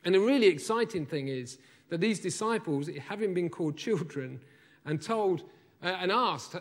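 A man preaching a sermon, telling a Bible story with lively, acted-out lines and asides to the congregation. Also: sits high, moderate pace. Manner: animated storytelling, acts out the disciples' lines.

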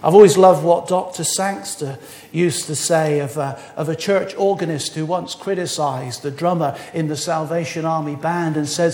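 A man's voice: on the high side, darkish tone. Humorous male preacher in an echoey church. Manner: humorous, teasing the congregation, slows for scripture. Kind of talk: sermon.

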